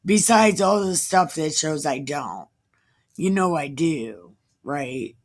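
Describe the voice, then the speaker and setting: A woman's voice: low voice, expressive, slow pace, full character voice. A woman voicing a guilty male apostle who rambles hesitantly through excuses. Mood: sheepish.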